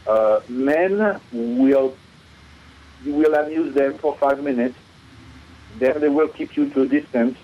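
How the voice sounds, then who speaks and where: In a dull lo-fi radio recording, a middle-aged French guest musician talks in a casual interview with a French accent, hesitating often with many fillers and restarts. His voice is mid-range and slow, with long pauses.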